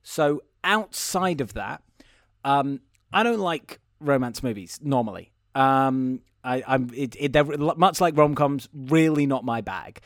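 A podcast host and editor speaks at medium pitch and a slow pace, recorded with studio quality and no room sound. In a casual film review chat, he talks animatedly about the plot, tossing in self-deprecating asides.

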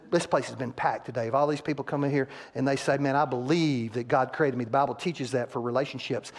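A male pastor preaching a sermon in a church and acting out quotes from couples to make his points. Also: medium pitch. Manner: animated, acts out couples' quotes, rising loud on punchlines. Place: church sanctuary.

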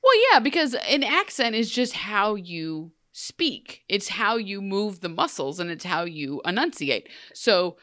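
A woman's voice: on the low side, a bit bright, no room sound, clean studio sound. A young adult woman co-hosting a podcast, chatting casually and sarcastically about a TV episode. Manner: chatty, sarcastic asides, acts out quotes. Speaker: podcast co-host. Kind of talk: casual TV recap chat.

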